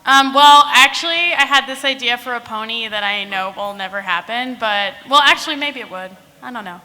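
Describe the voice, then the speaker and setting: A woman's voice: a little high, a little fast, bright, forceful tone. A woman author answering questions at a casual convention panel, giggly and full of fillers. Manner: giggly, uses lots of fillers. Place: large convention hall. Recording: echoey convention hall.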